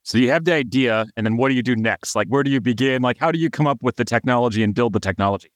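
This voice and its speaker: A man's voice: mid-range voice, racing, no echo, studio quality. A man hosting a podcast, asking curious, casual interview questions. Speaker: podcast host.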